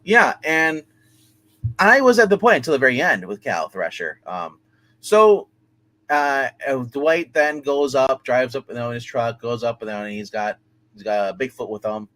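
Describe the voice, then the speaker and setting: A man co-hosting a TV recap show, telling the plot in a rambling, halting way with many fillers and restarts. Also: mid-range voice, very animated, sharp tone. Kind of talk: casual TV episode recap.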